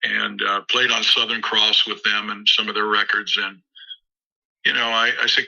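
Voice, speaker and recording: A man with a very bright, forward voice tells stories in a rambling way, restarting his phrases often. He speaks as a musician guest in a casual interview. The sound is slightly dull and lo-fi. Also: lowish voice, flat delivery, normal speed, vocal fry. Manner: rambling anecdotal, frequent restarts and acted quotes. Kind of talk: interview storytelling.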